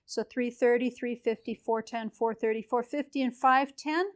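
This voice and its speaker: A woman's voice: fairly high pitch, fairly even intonation, moderate pace. A woman lecturing a chemistry class in a casual, explanatory way, with a few fillers as she goes.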